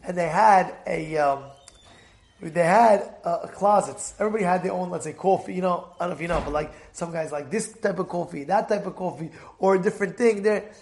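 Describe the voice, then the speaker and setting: A man's voice: high-pitched, fairly quick. A man teaching an informal Torah class, telling stories with lots of repetition and laughter. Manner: animated storyteller, repeats words, laughs often.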